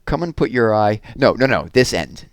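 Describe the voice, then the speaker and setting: A man voicing a kindly adult stargazer in a storybook, patient and gently amused as he explains. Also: on the low side, very animated, moderate pace, no echo, studio quality. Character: kindly grown man with a telescope.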